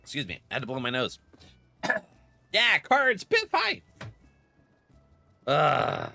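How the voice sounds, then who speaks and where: A man's voice: mid-range voice, wildly swooping pitch, slow pace, creaky, sharp tone, dry recording, soft background music. A man streaming a game and chatting casually, laughing often and acting out his friends' lines, while getting over a cold. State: has a cold. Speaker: gaming streamer.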